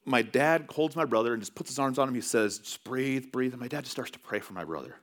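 A male pastor delivering a sermon in a relaxed, story-driven, conversational manner. His pitch moves a lot, climbing and dipping as he talks, in a middle register for a man. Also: fast talker. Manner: conversational storytelling with animated swings.

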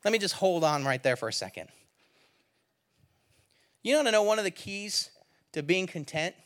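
A man preaching a sermon as a pastor, talking in a lively, conversational and emphatic way with playful asides. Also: high-pitched, moderate pace.

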